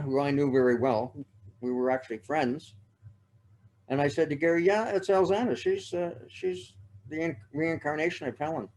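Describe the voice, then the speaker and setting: A man's voice: medium pitch, a little mellow. A man speaking as a guest speaker, telling personal stories in a chatty, anecdotal way and often checking in with his listeners. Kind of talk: personal storytelling talk.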